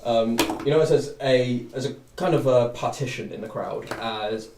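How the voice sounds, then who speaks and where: A man's voice: medium pitch, moderate pace, darkish tone. A man narrating as game master for a tabletop game, rambling loosely with many fillers. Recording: echoey room, distant mic, faint noise.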